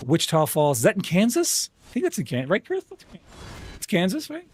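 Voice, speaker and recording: A man's voice: high-pitched, wildly swooping pitch, a little fast, a little hiss or hum. A man chatting casually on a live gaming stream, upbeat and talkative, stumbling over and repeating words and calling people bro and dude. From United States.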